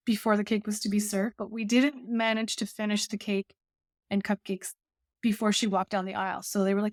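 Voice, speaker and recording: A woman from Canada telling stories in a casual interview, animated, with quick asides and acted-out quotes. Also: mid-range voice, no room sound, studio quality. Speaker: guest, baker and culinary teacher.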